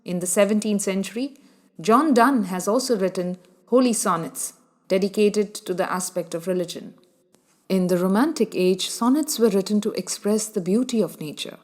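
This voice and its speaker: A woman teaching a literature lesson in a measured way, explaining step by step and asking the listener questions. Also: medium pitch, a little mellow. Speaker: literature lecturer. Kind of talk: explanatory lecture.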